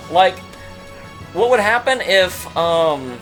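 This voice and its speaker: Animated, joking man streaming a game. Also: a little high, moderate pace, soft background music, low-quality recording. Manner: chatty and joking, with lots of "like". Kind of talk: casual let's-play commentary.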